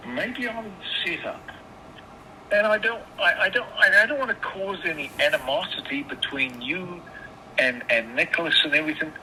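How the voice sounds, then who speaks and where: A man's voice: on the high side, moderate pace, sharp tone. A man on a phone call, swearing often and stammering through restarts as he tells his side. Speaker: caller. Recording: phone line with background noise.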